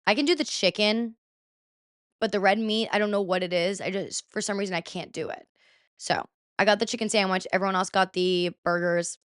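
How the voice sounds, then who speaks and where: A young woman tells a weekend story in a loose, chatty vlog style, peppering it with "like". Her voice is smooth and clean. It sits close on a dry mic with no room sound. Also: medium pitch, brisk, no room sound. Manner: chatty, animated, heavy use of "like". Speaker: vlogger.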